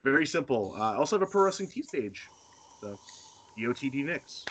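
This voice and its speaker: A man from Northern Maine, a pro wrestler guest in a casual interview, telling animated stories and chuckling often. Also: medium pitch, fairly quick.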